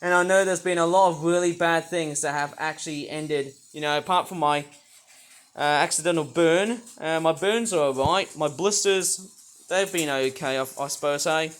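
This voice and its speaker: A grumpy vlogger who rambles through a ranting commentary, often restarting and suddenly bursting into shouts. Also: mid-range voice, normal speed. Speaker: toy review vlogger.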